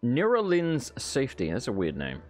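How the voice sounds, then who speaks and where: An Englishman with an English accent chats loosely over gameplay, joking and swearing as he goes. His voice swings up and down in pitch, and faint game music sits underneath him. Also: huge pitch swings, moderate pace, darkish tone. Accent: English, self-described as unusual. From England. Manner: rambling, joking, sweary banter. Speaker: gameplay commentator. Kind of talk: casual let's play commentary.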